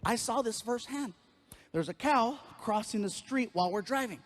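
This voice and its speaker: A man doing a stand-up comedy routine, telling an animated story and acting out voices and sound effects. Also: very high voice, normal speed. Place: live comedy stage.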